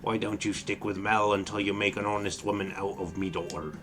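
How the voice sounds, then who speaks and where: A man voicing a gruff, warm-hearted older father with a put-on Irish accent, reading game dialogue aloud with hearty laughs. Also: fairly low pitch, flat delivery, fairly quick, music in the background, lightly acted. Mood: fatherly.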